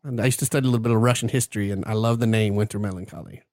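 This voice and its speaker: A man's voice: on the low side, fairly even intonation, rapid-fire, darkish tone, no echo, clean studio sound. A man co-hosting a podcast, chatting casually, joking and tripping over names. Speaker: podcast co-host. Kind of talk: casual chat.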